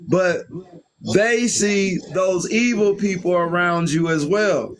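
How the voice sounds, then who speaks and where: A man with a slightly high voice leads a live stream and hands out spiritual advice. He talks with firm, instructive confidence, like someone used to being listened to. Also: slow pace, poor audio. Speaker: spiritual livestream host.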